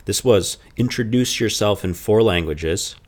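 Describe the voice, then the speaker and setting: Deep-voiced man teaching a language lesson. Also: darkish tone. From Chicago. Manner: explanatory, repeats example phrases slowly.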